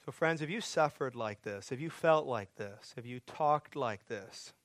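A man's voice: medium pitch, animated, unhurried, no room sound. A man preaching a sermon as pastor, earnest, building to pleading, emphatic questions.

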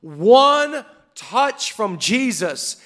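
A man's voice: extremely high pitch, sing-song, extremely slow, fairly bright tone. A man in his thirties preaching a fervent sermon as pastor, repeating rallying lines.

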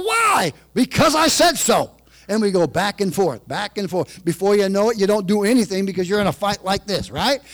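A man with a high-pitched voice preaches a sermon. He calls out to the congregation for amens and moves between quiet, confiding asides and raised emphasis. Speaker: pastor.

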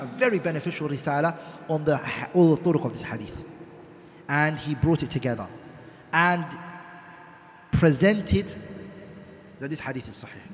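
A man teaching a classroom lecture, reciting Arabic text quickly and then explaining it in English, putting questions to the class. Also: fairly high pitch. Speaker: teacher of Islamic law. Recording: echoey hall.

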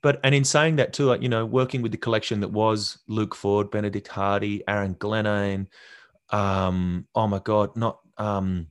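A young man tells stories in a casual interview, his voice sitting low and animated as he slips into other people's lines. The sound is close and dry, with no room around it. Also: moderate pace, smooth, no echo. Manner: animated, acts out quotes from others. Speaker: actor guest.

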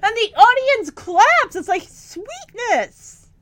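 A woman with a high, bouncy voice chats through a TV episode recap and review, giggling often and filling gaps with "like" and "you know." The sound is dry and close, with no room in it. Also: big pitch swings, slow pace, a bit bright, no room sound. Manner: chatty, giggly, lots of fillers.

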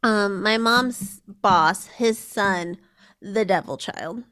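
A woman's voice: medium pitch, drawn-out words, fairly bright tone. A young woman co-hosting a podcast who laughs often and chats casually. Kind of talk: casual chat.

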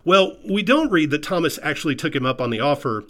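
A man's voice: on the high side, expressive, fairly quick, fairly bright tone. A man preaching a sermon in an earnest, emphatic way, repeating phrases for stress and putting questions to his listeners. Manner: asks the listeners direct questions. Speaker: pastor.

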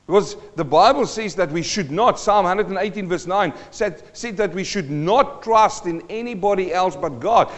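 Man preaching in a reverberant hall. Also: high-pitched. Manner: preachy, swings from hushed to loud emphasis. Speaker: pastor. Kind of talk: sermon.

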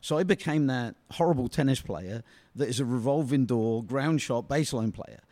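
A man's voice: medium pitch, warm tone, no room sound. A middle-aged man telling long anecdotes as an interview guest, padding his talk with "you know" at every turn. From Britain. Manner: rambling, fills every pause with "you know". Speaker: guest, former soccer player. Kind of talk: storytelling interview.

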